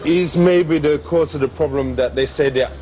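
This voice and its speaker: An actor in character as a clueless interviewer, speaking in mock street slang and asking deliberately ignorant questions. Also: male voice, on the high side, crowd noise, natural voice. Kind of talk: comic prank interview. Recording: TV interview with background noise.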